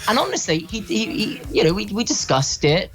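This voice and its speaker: A man's voice: high-pitched, big pitch swings, fairly quick, fairly bright tone. A young man from London with a British accent, a guest musician chatting playfully on a radio interview. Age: young adult. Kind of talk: casual on-air interview.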